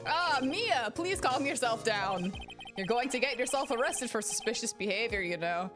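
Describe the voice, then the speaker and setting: Fussy older male lawyer boss with a lowered, fatherly tone, read by a woman, over game music. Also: animated, normal speed, lightly acted. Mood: chiding.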